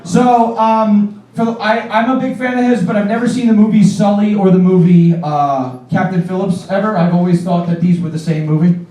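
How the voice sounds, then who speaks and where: A man's voice: high voice, fairly even intonation, moderate pace, dark tone, slight background noise. A man performing a stand-up comedy set on stage, rambling and laughing at his own jokes, with lots of "like". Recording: echoey room from far off.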